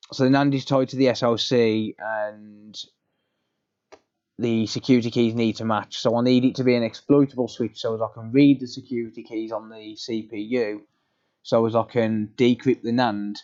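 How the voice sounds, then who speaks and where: Speaking at medium pitch with a slightly mellow tone, a man casually answers viewers during a live repair stream. He explains the steps in a plain, matter-of-fact way, filling gaps with um, and the recording is lo-fi.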